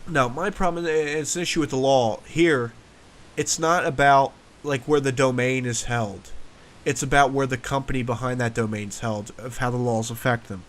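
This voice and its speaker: A man hosting a casual gaming podcast, upbeat and bossy, quick to laugh. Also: mid-range voice, fairly even intonation. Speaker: podcast host. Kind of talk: casual chat.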